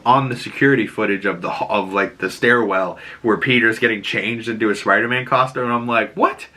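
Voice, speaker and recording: A man's voice: fairly low pitch, pushed and bright. A man hosting a casual episode breakdown, rambling with lots of fillers and acting out lines of dialogue. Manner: rambling, many fillers, acts out quotes. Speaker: host.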